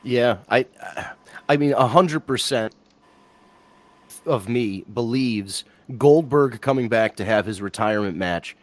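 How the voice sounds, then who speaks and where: A man talks on a casual live stream with a rambling, animated delivery. He keeps circling back and restarting his sentences. His voice sits in an ordinary middle pitch. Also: a little slow, no echo. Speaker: wrestling podcast co-host.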